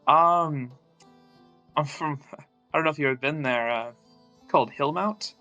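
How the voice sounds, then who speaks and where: A man's voice: fairly high pitch, measured pace, bright, forceful tone, muffled recording, faint music behind. A man playing a young male student who charms with breezy, slightly stammering talk in a tabletop game. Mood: charming.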